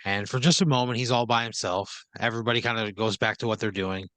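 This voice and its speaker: A man's voice: fairly low pitch, fairly even intonation, fast, pushed and bright, no echo. A man hosting a comedy podcast and spinning an improvised story, rambling and filler-heavy, often checking in with "right?". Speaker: podcast host.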